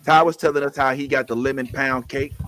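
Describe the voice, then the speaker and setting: A man's voice: mid-range voice, steady tone, brisk, a bit bright, a little hiss or hum. A middle-aged man hosting a casual chat, easygoing and slangy, with boastful banter.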